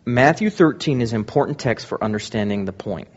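A man's voice: mid-range voice, lively intonation, brisk, lo-fi sound. A man preaching a sermon, reading scripture aloud and then explaining it with rising emphasis.

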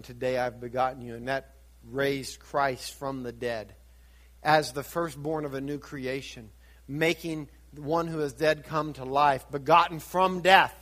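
A man's voice: a little high, bright, forceful tone. A man preaching a sermon, teaching through scripture with rhetorical questions and building to fervent emphasis. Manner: asks rhetorical questions and answers them. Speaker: pastor.

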